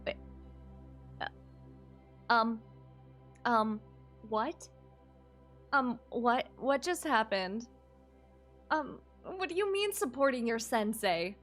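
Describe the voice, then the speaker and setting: A woman streamer chatting live with her viewers, excitable and fond of cutesy minced oaths. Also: a little high, slow pace, long pauses, faint music behind.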